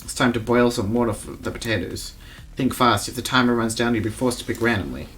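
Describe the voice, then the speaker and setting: A man reads a game's story aloud at a middle pitch, slipping in jokes and asides as he goes. His delivery is playful. Faint game music plays underneath. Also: a little fast, fairly bright tone. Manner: joking, reading game text aloud. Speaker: let's player.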